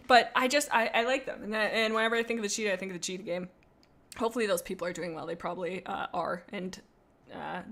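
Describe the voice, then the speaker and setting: A woman's voice: mid-range voice, fairly bright tone. Goofy, rambling woman streamer. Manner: rambling and self-interrupting, with many restarts and asides; playful, goofy. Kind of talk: casual live-stream chat, reading viewer comments.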